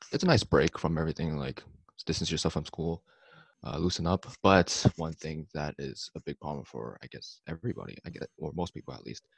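Deep gravelly husky young man. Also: no echo. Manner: relaxed, giving advice with fillers. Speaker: podcast co-host. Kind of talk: casual podcast chat.

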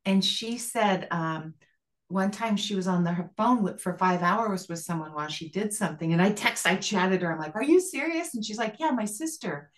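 Low-voiced woman sharing at a recovery meeting. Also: moderate pace. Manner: rambling, earnest, many fillers. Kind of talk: sharing at a support group call.

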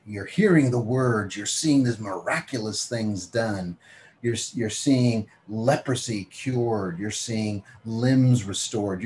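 A man preaching a Bible teaching sermon. He reads scripture slowly, then explains it in plain conversational talk and invites listeners to picture themselves in the story. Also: mid-range voice, a little mellow, slight background noise, rough recording.

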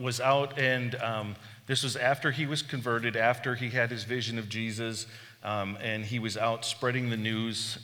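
A middle-aged man preaches a casual, storytelling sermon, poking fun at himself as he goes. His voice sits a little low yet rings bright and forceful. A long reverb trails each phrase, as if he is speaking in a large hall. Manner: candid, self-deprecating storytelling with chuckles. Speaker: bishop preaching. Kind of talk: conversational sermon.

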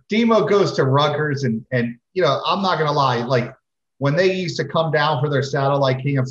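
A man hosting a podcast in a loose, conversational way, leading into segments with plenty of fillers. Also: medium pitch. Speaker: podcast host. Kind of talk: casual podcast chat. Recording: dull, roomy remote audio.

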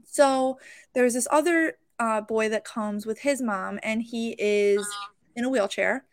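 A woman's voice: on the high side, measured pace, smooth, no room sound. A young adult woman hosting a podcast, telling a story casually and with feeling, full of fillers and restarts. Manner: animated, emotional, with many fillers and restarts. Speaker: podcast host and card show vendor.

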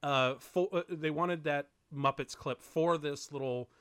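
A man chatting casually while watching a movie with friends, excitable, laughing often and swearing in mock outrage. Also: on the high side, measured pace, smooth, dry recording, clean studio sound. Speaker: movie commentary co-host.

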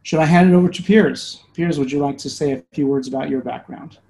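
A man introducing himself as an angel investor and passing the floor to the other panelists on a video call, in a measured way with fillers. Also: on the high side, creaky, warm tone, slight background noise.

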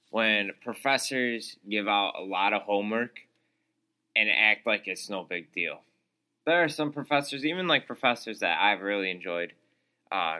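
Young guy podcasting solo, ranting, kinda sarcastic and fed up, bright lowish voice, lots of likes and uhs. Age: young adult. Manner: exasperated, sarcastic, lots of fillers. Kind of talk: casual ranting monologue. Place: small room, calls it his studio.

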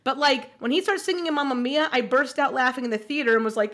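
A woman chatting as a podcast guest, telling stories in an emphatic, animated way and laughing often. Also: sits high, fast. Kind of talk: casual chat.

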